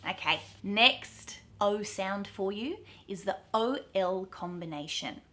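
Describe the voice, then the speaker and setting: A woman accent coach with an Australian accent teaches pronunciation to camera, upbeat and careful in her explanations as she draws out every example word. Her medium-pitched voice is animated, slow, and sharp in tone.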